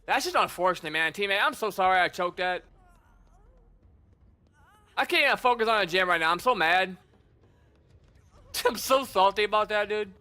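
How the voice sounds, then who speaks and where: A young man streaming a game, talking casually and excitably, swearing and calling people bro and dude. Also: high-pitched, normal speed, pauses often, clean tone. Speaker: gaming streamer. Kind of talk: casual gameplay commentary.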